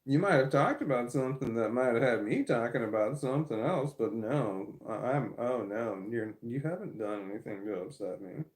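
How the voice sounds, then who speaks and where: A man's voice: medium pitch, expressive, normal speed, hardly any pauses, a little mellow. Man streaming live, stammers, repeats and restarts words, blunt and earnest, casual swearing, mid-range voice. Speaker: livestreamer reading viewer comments. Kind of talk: candid live-stream chat.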